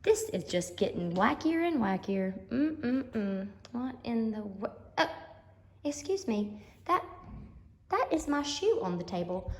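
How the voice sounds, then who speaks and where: A woman's voice: on the high side, very animated, slow pace, a little mellow, roomy sound. A woman teacher giving a playful phonics lesson to young children, gasping and acting surprised as she goes. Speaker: kindergarten teacher. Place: empty classroom.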